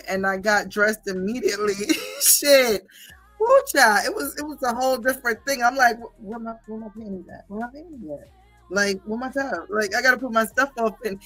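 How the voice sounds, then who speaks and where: A woman's voice: on the high side, low-quality recording. A woman hosting a livestream, telling a story to her chat casually, laughing often and swearing freely. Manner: laughing, profane, animated. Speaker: livestream host.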